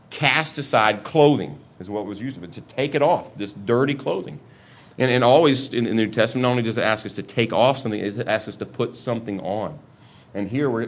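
Lower-voiced man preaching a conversational sermon. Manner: conversational preaching with frequent repeated restarts. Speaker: pastor.

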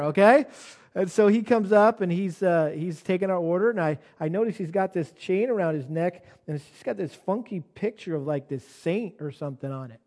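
A pastor preaching a sermon, telling a personal story with many restarts and building to emphatic calls to be bold. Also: male voice, high-pitched, normal speed, darkish tone.

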